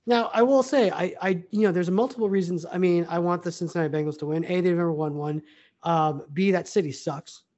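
A man co-hosting a casual sports podcast, animated and blunt, laughing often as he talks. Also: high-pitched, fairly quick. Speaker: podcast co-host. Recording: dull lo-fi sound.

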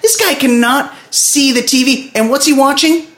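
A man's voice: extremely high pitch, moderate pace. A man hosting a podcast, reviewing a movie in casual, joking banter and swearing freely. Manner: animated, joking, acts out quotes, swears. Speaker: podcast host. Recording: echoey room.

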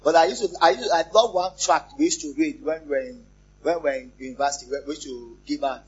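A pastor, preaching a lively sermon, repeating phrases and joking with the congregation. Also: male voice, a little high, quick pace, husky. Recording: muffled, lo-fi church recording.

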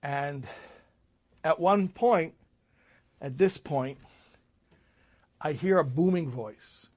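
A man, a rabbi, telling a story in a sermon, swinging from loud emphasis to hushed asides. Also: fairly high pitch, extremely slow.

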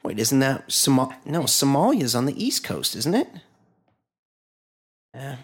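A man's voice: mid-range voice, big pitch swings, measured pace, breathy edge. A man co-hosting a podcast, telling a news story in a rambling, profane way, with lots of fillers. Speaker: podcast co-host. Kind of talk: casual chat.

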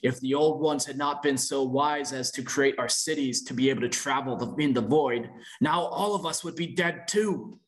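A man's voice: medium pitch, lightly acted. A man reading as an ancient wrathful lizard priest. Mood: accusing. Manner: slow, indignant proclamations.

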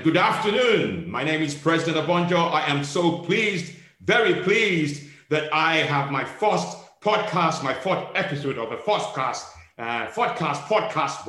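A man's voice: a little high, expressive, moderate pace, few pauses, a bit bright, echoey room. A man playing a pompous, self-important African military dictator who hosts a podcast, speaking with an African accent. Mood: grand. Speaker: podcast host. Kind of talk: comedic character podcast chat.

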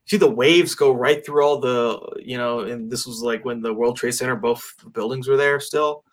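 A man's voice: medium pitch, moderate pace. A man in casual conversation about a film, rambling with lots of fillers and restarts. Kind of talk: casual movie discussion.

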